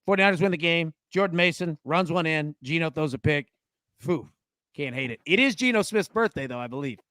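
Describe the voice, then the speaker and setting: A man's voice: fairly high pitch, expressive, fairly quick, a bit bright, no echo. A man co-hosting a sports betting show, casually breaking down football stats and talking straight to the viewer. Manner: coaching tone, talks to the viewer directly.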